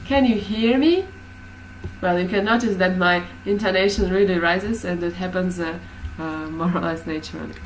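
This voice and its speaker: A woman's voice: fairly low pitch, level tone, brisk, hardly any pauses, slight background noise, low-quality recording. A woman teaching a class, explaining hesitantly with many fillers.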